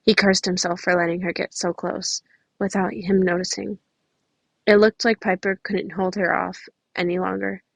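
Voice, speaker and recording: A woman's voice: fairly low pitch, little pitch movement, moderate pace, gravelly. A woman reads a fan story aloud on a close home mic. She trips over words and restarts phrases, breaking off for chatty asides. The sound is completely dry, with no room echo. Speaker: podfic reader. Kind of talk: reading fan fiction aloud.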